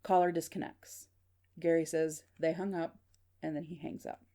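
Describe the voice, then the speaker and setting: A woman's voice: low voice, flat delivery, normal speed, dark tone. A woman podcast host casually retelling a paranormal story in a chatty way, with fillers.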